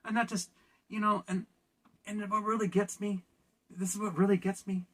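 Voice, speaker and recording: A man's voice: sits high, fairly even intonation, moderate pace, long pauses, fairly bright tone. A man from California ranting in a casual opinion vlog, sarcastic and laughing at his own jokes. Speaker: vlogger.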